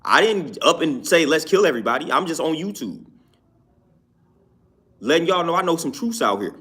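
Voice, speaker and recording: A man with a fairly high voice for his sex holds forth in a casual, emphatic monologue. He circles back to his points and keeps checking in with his listener. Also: sing-song, normal speed, bright, forceful tone, breathy edge. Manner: emphatic, repeats "you know what I'm saying". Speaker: YouTube commentator. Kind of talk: casual opinion talk.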